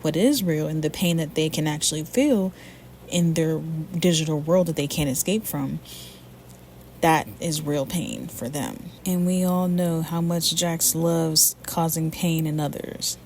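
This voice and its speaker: A woman's voice: low-pitched, measured pace, a little mellow, slight background noise. A woman giving a blunt, profane commentary rant on a video she made, moving between heated complaints and chatty explanation.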